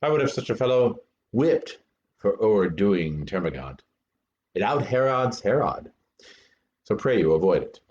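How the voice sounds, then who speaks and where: A man reading a play aloud as Hamlet, an earnest young prince lecturing actors, with animated, deliberate verse delivery. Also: on the low side, slight background noise. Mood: instructing. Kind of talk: amateur dramatic reading. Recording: dull lo-fi recording.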